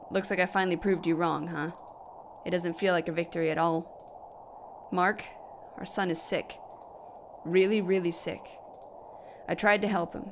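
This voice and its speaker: Casual lowish voice, a woman playing a worn-out young mother at a grave, bitter and tearful, cursing, soft game music behind. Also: a little hiss or hum, lightly acted. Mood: despairing. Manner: tearful, swearing, talking to a grave.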